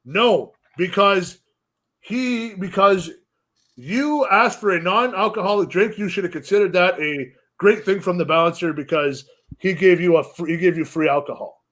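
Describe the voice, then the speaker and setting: A man with a notably high-pitched voice, swearing freely as he rambles through a story. His talk is loose and unscripted, the easy back-and-forth of a podcast guest. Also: normal speed, a bit bright. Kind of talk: casual podcast chat.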